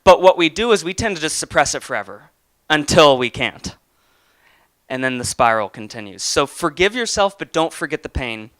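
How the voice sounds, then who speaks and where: A man's voice: fairly high pitch, sing-song, normal speed, fairly bright tone, no echo, clean studio sound. A young man giving an earnest motivational talk and telling a personal story, with some restarts. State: getting emotional. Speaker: motivational speaker.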